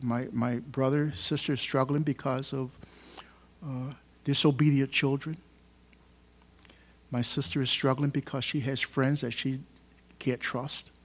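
A man's voice: medium pitch, flat delivery, measured pace, long pauses. Man preaching an emphatic sermon. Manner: emphatic preaching, swings from loud to soft. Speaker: pastor. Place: church hall.

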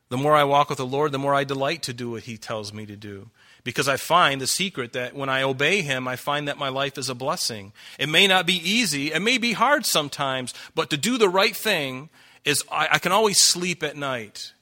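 A man's voice: medium pitch, lively intonation, moderate pace, sharp tone. A man preaching a sermon, reading scripture aloud and pressing his listeners with emphatic rhetorical questions. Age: adult. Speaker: pastor.

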